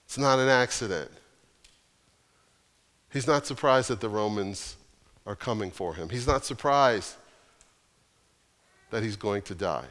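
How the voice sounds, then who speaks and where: A male pastor preaching an earnest, emphatic sermon with deliberate pauses. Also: lowish voice, a bit bright, big-room sound.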